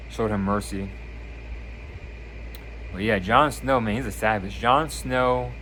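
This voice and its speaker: A man casually reviewing a TV season on his channel, retelling scenes with lively energy and acting out lines. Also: lowish voice, a little hiss or hum. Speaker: video reviewer.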